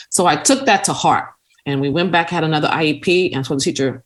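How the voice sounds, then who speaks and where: A woman's voice: low-pitched, quick pace. A woman talking as an interview guest, earnestly telling a personal story and often acting out what others said. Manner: earnest, acts out other people's words as she tells her story. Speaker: guest, nonprofit CEO and parent.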